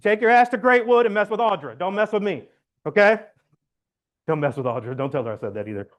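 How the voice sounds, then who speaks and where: A man giving a loud, blunt, joking talk to his real estate team, acting out phone calls as he goes. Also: sits high, animated, fast talker. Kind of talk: motivational team meeting talk. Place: meeting room.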